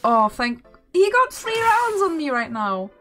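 Excitable high-voiced woman streaming a game. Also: a little slow. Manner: excitable, swings between groaning and shouting. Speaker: VTuber streamer. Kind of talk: live gameplay commentary. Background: faint game music.

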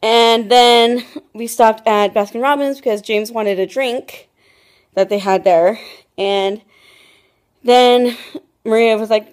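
A woman's voice: a little high, fairly even intonation, takes it slowly, long pauses. A young woman vlogging casually into her phone camera, telling a rambling story full of "like" and restarts. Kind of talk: casual chatty vlog.

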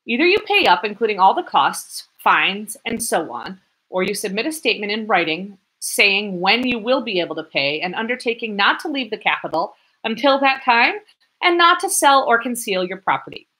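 A woman's voice: medium pitch, very animated, normal speed, pushed and bright, pitched above the performer's own voice, poor audio. A woman voicing a smug male head clerk who explains rules officiously. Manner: officious, matter-of-fact.

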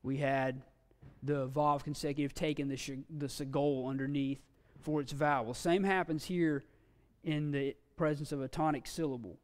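A man teaching a Bible language class in a church classroom, folksy and halting, with frequent fillers and restarts. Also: a little high, steady tone. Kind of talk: classroom lecture. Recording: long reverb from a hall.

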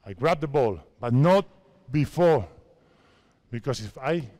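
A man in his fifties from Spain, a basketball coach speaking halting English with a Spanish accent as he directs players through drills at a clinic. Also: medium pitch, expressive, warm tone. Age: 50s. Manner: halting non-native English, repeats phrases, directs players.

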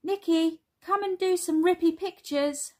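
A woman voicing a kindly little girl in a storybook reading, in a high, eager, friendly voice. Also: big pitch swings, measured pace.

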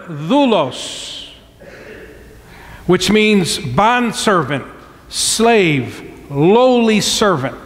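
A man pastor preaching a sermon, emphatic, slowing down to stress key words and calling for amens from the congregation. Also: high-pitched, fairly bright tone. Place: church sanctuary. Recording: long hall reverb from church sanctuary.

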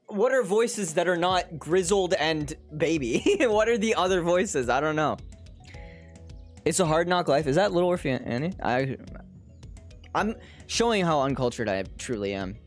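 A game streamer giving casual let's-play commentary, giggling often and poking fun at themselves. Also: mid-range voice. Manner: giggly, self-deprecating, swearing.

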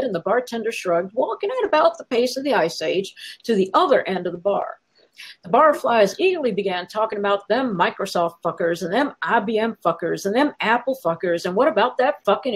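A woman author reading her own fiction aloud in a wry, sardonic, expressive way. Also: mid-range voice, a little fast, husky, low-quality recording. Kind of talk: dramatic story reading.

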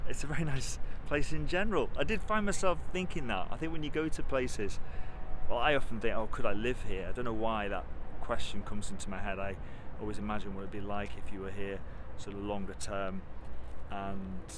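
A man's voice: on the low side, a little fast. A man chatting casually as a travel vlogger, rambling with wry joking asides, filming himself outdoors in a town. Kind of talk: casual travel vlog chat. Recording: outdoor street noise.

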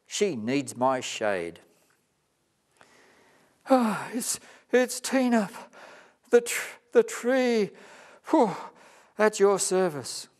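Tina: a man voicing an eager high-pitched tree lady. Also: slow pace, pauses often. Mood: eager, excited. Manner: high excited exclamations. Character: eager cheerful female tree, always helping.

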